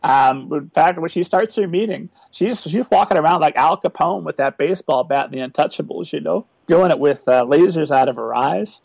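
Male author guest, slightly high voice, animated and keen, close dry mic. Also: moderate pace, vocal fry, hardly any pauses, breathy edge, no echo, low-quality recording. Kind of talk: enthusiastic interview answers.

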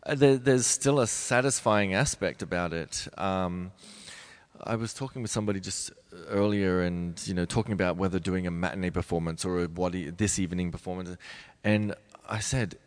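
A man in his forties, a ballet dancer being interviewed, who talks thoughtfully with many pauses and restarts. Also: deep voice. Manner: thoughtful, halting, many restarts and soft laughs. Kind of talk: reflective interview conversation.

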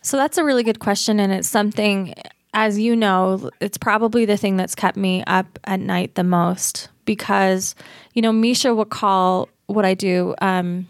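A woman's voice: medium pitch, steady tone, a little slow, dry recording, studio quality. A woman from Utah, a guest advocate, talking earnestly and reflectively in an interview, often critical of herself. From Utah, USA.

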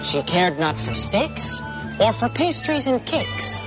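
A man's voice: high-pitched, big pitch swings, slow pace, heavily acted, low-quality recording. An actor with an Irish accent playing a cursed young man who recites a crude limerick in a sing-song, theatrical voice, heard as a film clip with music underneath. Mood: mocking.

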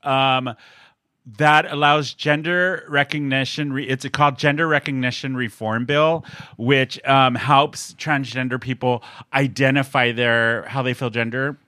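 A man hosting a podcast in casual chat, animated and laughing often as he wraps up the show. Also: mid-range voice, unhurried, no room sound. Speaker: podcast host.

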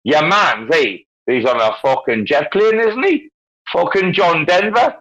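A man's voice: a little high, lively intonation, measured pace, a bit bright. A man, talking in rowdy, rambling, sweary banter as a guest in an online audio chat. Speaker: guest speaker in a crypto audio space. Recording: muffled lo-fi online call audio.

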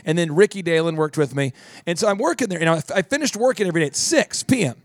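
Male podcast host, slightly high voice, dry and close studio sound, jokey storyteller. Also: quick pace, dry recording. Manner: animated, jokey, does voices. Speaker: podcast host, business coach. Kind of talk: casual storytelling chat.

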